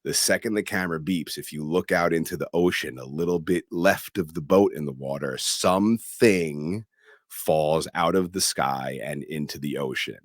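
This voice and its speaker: Very deep-voiced man recapping a film. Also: normal speed, hardly any pauses, dry recording, studio quality. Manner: animated storytelling with sound words. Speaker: podcast co-host. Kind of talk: casual movie recap.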